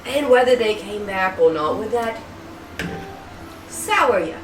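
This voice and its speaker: A woman's voice: mid-range voice, expressive, slow pace, background noise. A woman voicing a tipsy innkeeper in a wobbly put-on Irish accent, slurred and sly, heard from a distance in a roomy space with music behind.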